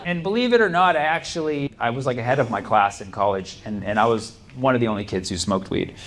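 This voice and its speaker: A young man performs stand-up at a comedy club, working the crowd in a loose, rambling style packed with "like" and "you know." His voice sits in the middle range and moves at a quick pace. It's a live club recording, with audience noise audible from the stage.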